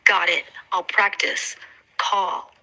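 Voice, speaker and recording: Synthetic female assistant, low-pitched and very bright, polite and eager, always checking back. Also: fairly even intonation, measured pace, poor audio. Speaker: AI voice assistant on a call. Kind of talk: conversational assistant replies.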